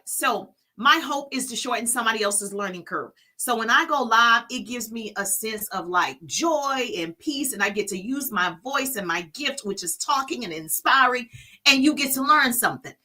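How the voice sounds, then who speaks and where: Hyped-up woman coach going live on her phone, bright and kinda high. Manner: energetic, hypes viewers by name. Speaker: online business coach. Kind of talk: live-stream coaching talk to viewers.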